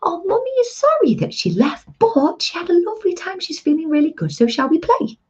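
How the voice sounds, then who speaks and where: A woman's voice: very high voice, big pitch swings, fairly quick, darkish tone, highs cut off, voice pushed up. A woman putting on a gushing, soothing mum voice, as if comforting her upset toddlers.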